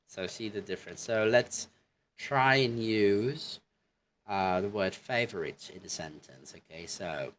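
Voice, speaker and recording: A man teaching an online English lesson in a relaxed way, with many fillers and demonstrations of how words are pronounced. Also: on the low side, takes it slowly.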